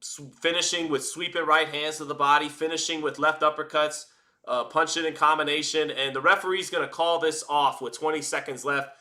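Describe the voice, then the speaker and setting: A man calling a boxing fight live, chatty and energetic, hosting a watch-party stream and often restarting his phrases. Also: a little high, fairly quick. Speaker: boxing commentator and stream host. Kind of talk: live round-by-round fight commentary.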